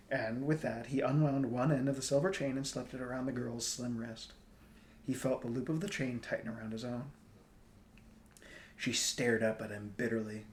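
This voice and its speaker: A man reading a novel aloud, unhurried, with small slips he corrects and the odd throat clearing. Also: medium pitch, steady tone. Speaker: storybook reader.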